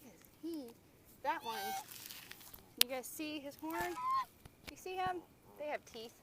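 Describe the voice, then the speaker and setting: A woman's voice: high-pitched, lively intonation, slow pace. A woman feeding geese at a park and coaxing them along in a sing-song, laughing way, swearing casually, filmed on a phone outdoors. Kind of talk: casual phone video chatter. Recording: loud outdoor noise with honking geese. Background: honking geese.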